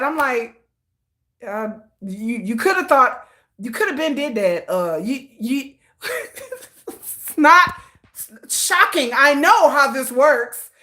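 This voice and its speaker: Lively, bright-voiced woman host. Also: high voice. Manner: animated, laughs often, slangy and playful. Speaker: livestream host. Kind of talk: casual livestream commentary.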